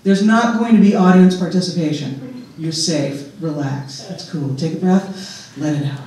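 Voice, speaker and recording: High-voiced man telling folk tales on stage, joking asides, far mic in an echoey hall. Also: a little slow, a little mellow. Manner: casual, joking asides, chatty. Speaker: storyteller. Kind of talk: live folk-tale storytelling to an audience. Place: large hall with a live audience.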